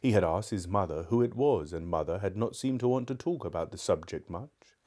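Male live-reader, lowish, mellow tone, wide expressive swings. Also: brisk. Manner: expressive storytelling delivery. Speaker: narrator. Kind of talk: live-streamed book reading.

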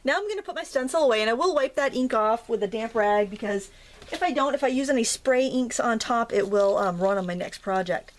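A woman's voice: a little high, a little fast. A woman hosting a craft tutorial, chatting casually as she works, rambling with fillers and self-corrections. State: slightly out of breath from pressing stamps.

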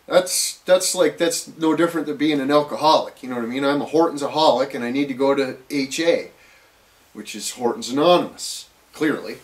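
A man's voice: medium pitch, fairly quick. A man ranting casually to camera, rambling and profane, full of fillers and restarts. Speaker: vlogger.

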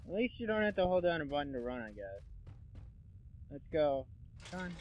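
A man's voice: a little high, very animated, fairly quick, slight background noise. A young man giving casual, rambling gameplay commentary, full of sarcastic asides and swearing. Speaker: let's play commentator. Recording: dull lo-fi dry mic.

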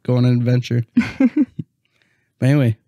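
A young man and student co-hosting a casual podcast, explaining ideas calmly and answering in short replies. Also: mid-range voice, moderate pace, slight background noise. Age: young adult, a student. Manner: calm, explains plainly, brief replies. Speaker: podcast co-host. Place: home, on a couch.

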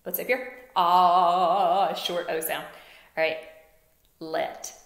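Slow, gravelly teacher in an echoey room. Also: female voice, sits low, lively intonation. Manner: slow, encouraging, sounds out word parts. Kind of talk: phonics lesson for young children.

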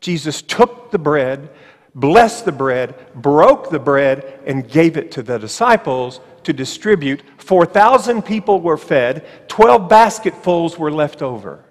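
Male pastor, sermon in a church sanctuary; higher voice, emphatic and slow on key lines, wry asides, long reverb. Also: very animated. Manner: emphatic, slowing on key phrases, with ironic asides.

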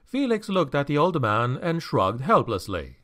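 A man reading a fantasy audiobook in a measured, expressive storytelling manner. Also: fairly high pitch. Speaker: audiobook narrator. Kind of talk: scripted fantasy audiobook narration.

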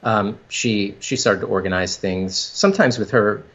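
A man, a company founder, talking casually in an interview, halting with frequent restarts and fillers. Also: fairly low pitch, a bit bright, lo-fi sound.

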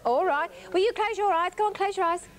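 A woman's voice: very high voice, brisk. A woman hosting a children's television show, coaxing and encouraging preschoolers in a studio with a sing-song manner. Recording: hissy 1980s TV broadcast tape.

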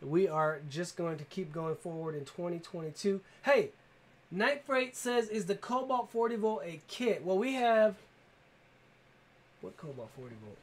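A man's voice: high-pitched, animated, measured pace. A man hosting a tool giveaway livestream, upbeat, calling out to viewers and reading their comments in casual chat. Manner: upbeat, calls out to viewers and reads comments aloud. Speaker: tool channel livestream host.

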